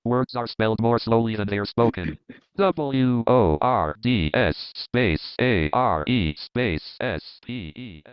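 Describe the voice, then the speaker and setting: A man's voice: mid-range voice, animated, very slow, long pauses, clean tone, dry recording, lo-fi sound. A male-sounding screen reader speech synthesizer spelling text out letter by letter in a clipped, synthetic way.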